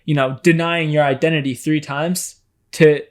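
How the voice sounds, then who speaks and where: Fairly high-voiced man, reflective talk. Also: steady tone, normal speed. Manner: hesitant, restarts, then reflective. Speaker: podcast co-host. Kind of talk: casual faith discussion.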